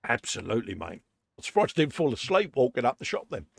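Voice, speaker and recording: A man's voice: medium pitch, big pitch swings, quick pace, vocal fry, crowd noise. An English man hosting a casual live chat from his workshop, laughing often and calling everyone "mate". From England. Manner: chatty, laughs often, says "mate" a lot. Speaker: host.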